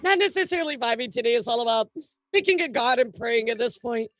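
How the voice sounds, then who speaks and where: A woman streaming casual chat as a VTuber news host. She giggles often, talks in an animated way and swears casually. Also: on the high side, fast, no echo.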